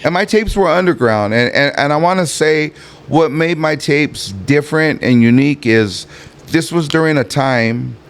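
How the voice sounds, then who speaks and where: A man's voice: fairly high pitch, animated, normal speed. A man in his fifties from the Los Angeles harbor area, telling stories as a podcast guest in a rambling, laid-back way. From Los Angeles harbor area, California. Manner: rambling, laid-back, many fillers and restarts. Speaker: guest, rapper. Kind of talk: casual storytelling interview.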